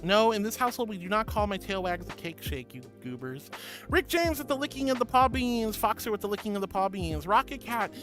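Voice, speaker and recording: With steady music running clearly underneath, a VTuber talks a little fast in a mid-pitched voice, picked up on a close desk mic, as she reads out viewer messages. She's playful and giggly, laughing easily and calling everyone sweetheart, sweetie, or honey.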